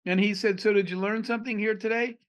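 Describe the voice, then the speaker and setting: A middle-aged man from Arizona, an entrepreneur guest on a podcast, telling animated stories and acting out the dialogue. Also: high-pitched, quick pace, highs cut off. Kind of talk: storytelling in a podcast interview.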